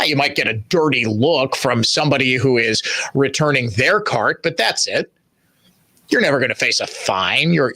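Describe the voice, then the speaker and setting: A man's voice: medium pitch, pushed and bright, no room sound. A man hosting a radio talk show, delivering an opinionated monologue, emphatic and repeating phrases for stress.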